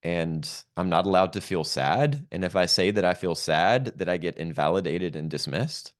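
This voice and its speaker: A man's voice: low-pitched, animated, moderate pace. A man speaking as a podcast guest, earnestly and reflectively recounting a personal story, with frequent ums and likes.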